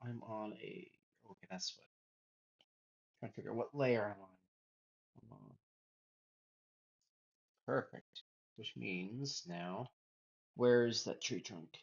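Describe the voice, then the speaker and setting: A man's voice: lowish voice, slow pace, vocal fry, long pauses, husky, highs cut off. A man streaming himself drawing, muttering to himself as he works and chatting with viewers. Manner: mutters to himself while working, then greets chat. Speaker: illustration livestreamer. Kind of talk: casual chat while drawing on stream.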